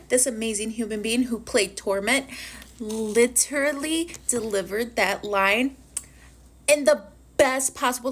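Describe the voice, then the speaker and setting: A woman's voice: fairly high pitch, fairly bright tone. Woman ranting profanely in a review vlog. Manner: filler-heavy with frequent "like". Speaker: book reviewer.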